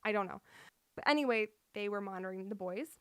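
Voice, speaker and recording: A woman's voice: mid-range voice, fast, fairly bright tone, dry recording. Dry-voiced woman telling a true-crime story. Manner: nervous laughter and apologetic asides. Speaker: podcast host.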